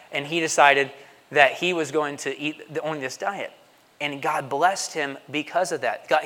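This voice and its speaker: A male pastor, his voice a little high and fairly bright, preaches to his congregation in a chatty manner, often asking "right?". A large hall's long reverb is audible.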